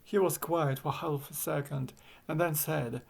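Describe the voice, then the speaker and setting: A man's voice: a little high, steady tone, a little slow, gravelly, breathy edge. A man reading a travel story aloud as narrator, with a wry, dry sense of humor. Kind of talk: audiobook reading.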